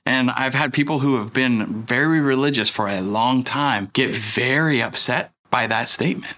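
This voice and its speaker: A male pastor preaching a sermon in a conversational, storytelling way, with lively asides to the congregation. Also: mid-range voice, normal speed.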